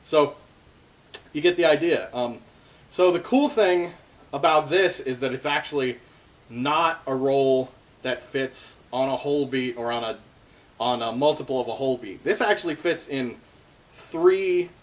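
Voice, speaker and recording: Speaking at a measured pace with long pauses, a man with a mid-range voice teaches hand-drum rolls on the darbuka. His casual explanation is heavy with fillers like um and uh, and he plays the drum between phrases.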